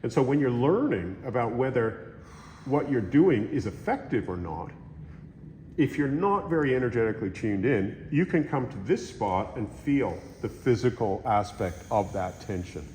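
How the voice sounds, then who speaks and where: A man's voice: mid-range voice, normal speed, slight background noise. Man teaching massage in an echoey room. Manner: relaxed, conversational, checks in with "okay?" and "right?". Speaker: massage instructor. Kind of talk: teaching a hands-on class. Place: training room during a course. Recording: roomy echo with long reverb.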